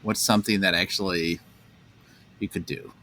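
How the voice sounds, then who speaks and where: A man's voice: sits low, fairly even intonation, moderate pace, sharp tone. A man co-hosting a podcast, playful and fond of spinning up joke scenarios. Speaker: podcast co-host. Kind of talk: casual chat.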